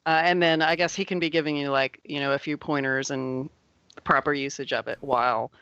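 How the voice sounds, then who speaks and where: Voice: mid-range voice, steady tone, brisk, fairly bright tone, smooth, no echo, lo-fi sound. A game master narrating a tabletop game in a loose, rambling way, laughing often.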